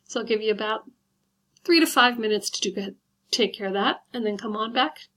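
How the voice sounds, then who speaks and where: A woman teaching a class in a fairly high voice. She explains patiently and step by step, and she slows down whenever she counts things out. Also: fairly bright tone. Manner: patient, instructive, guides step by step. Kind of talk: recorded classroom lesson.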